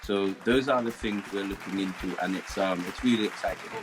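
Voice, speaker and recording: A man with a British accent, a guest in a casual interview, explaining in a calm, measured way. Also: sits low, noisy background. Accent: British English.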